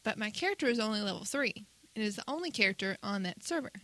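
A woman's voice: medium pitch, animated, fast talker, bright, forceful tone, no room sound, rough recording. A woman co-hosting a casual chat, telling a story in a wry, chatty way. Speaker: podcast co-host.

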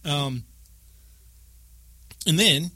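A man co-hosting a casual podcast chat about a video game, rambling through animated stories full of acted-out quotes. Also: fairly high pitch, extremely slow, breathy edge, no echo. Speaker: podcast co-host.

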